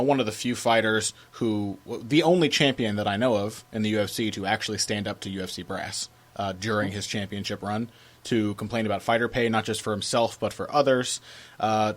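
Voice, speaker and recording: A man co-hosting a podcast in casual chat, lively and emphatic, often breaking into laughter. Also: lowish voice. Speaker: podcast co-host.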